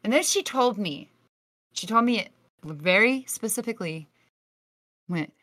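A woman's voice: mid-range voice, expressive, unhurried, fairly bright tone, no echo. A woman podcast guest telling a story in a casual, vivid way, swearing freely.

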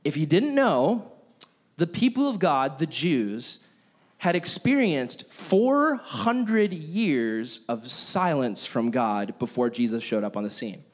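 A young man preaching a casual, conversational sermon and telling stories, animated and acting out his own reactions. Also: fairly high pitch, slow. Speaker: pastor. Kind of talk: sermon with personal storytelling.

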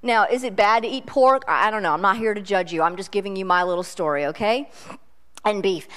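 A woman's voice: mid-range voice, fairly quick, a bit bright. A middle-aged woman preaching a sermon in a chatty, self-deprecating storytelling way.

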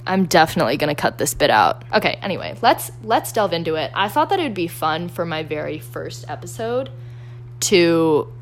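A woman's voice: lowish voice, sing-song, normal speed, a little hiss or hum. Chatty young woman, self-deprecating podcaster. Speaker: podcast host. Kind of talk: casual solo podcast chat.

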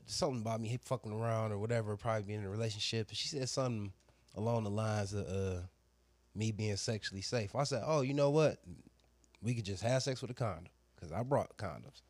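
Crude animated storytelling man. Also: lowish voice, fast, no echo. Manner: animated, crude, slangy retelling with voiced quotes. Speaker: barber. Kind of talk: casual storytelling chat.

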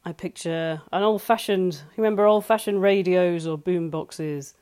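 A life coach gives a solo advice talk from a home flat, earnest and conversational, coming back to the same points to stress them. The delivery is at normal speed, with a medium pitch and a darkish tone.

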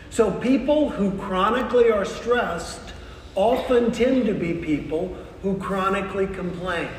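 A man delivers a motivational keynote to a live crowd, telling stories with punchy pauses and tossing questions to the audience. His voice sits high for a man and he takes his time. The sound is roomy and echoing, with a long hall reverb and faint ambience behind him. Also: far from the mic, a little hiss or hum. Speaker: motivational speaker.

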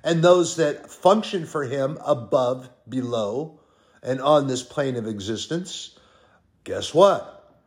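Teaching from the Bible during a sermon, this middle-aged man talks casually, using fillers and correcting himself, and moves from quiet asides to loud, climbing declarations. His voice sits in the mid-range with lively intonation, and he takes things slowly.

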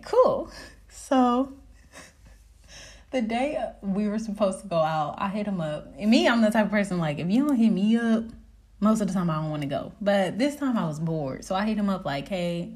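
A young woman hosts her own podcast and tells a story in a loose, chatty way. Her voice sits at an ordinary middle pitch. She stays animated, laughs often and curses without a second thought. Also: moderate pace. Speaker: podcast host. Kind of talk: casual storytelling monologue.

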